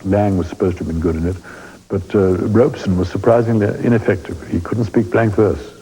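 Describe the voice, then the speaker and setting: A man's voice: fairly low pitch, fairly even intonation, a little fast, dark tone, breathy edge, low-quality recording. An English man in his eighties telling wry theatre anecdotes in an interview, chuckling as he reminisces. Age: 80s. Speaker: veteran stage actor interviewed.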